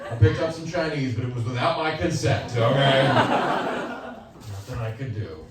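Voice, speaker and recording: A young man doing a stand-up comedy set on stage, animated and slipping into quoted voices for his punchlines, with the audience laughing. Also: mid-range voice, a little fast, a loud crowd. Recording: loud audience laughter, echoey club heard from far.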